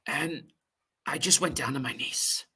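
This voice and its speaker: Male podcast host, husky and bright, earnest emotional storyteller, halting delivery. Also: a little high. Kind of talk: personal storytelling monologue.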